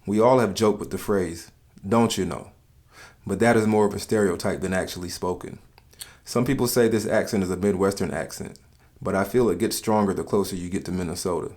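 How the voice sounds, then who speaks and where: A man from the States, giving calm, measured scripted narration for a countdown video. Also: low voice. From Southern United States.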